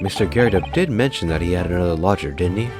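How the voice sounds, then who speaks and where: A man's voice: low-pitched, animated, fast, over music. A man voicing the game's lead as a let's-play host, with casual asides. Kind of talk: voicing a game while playing.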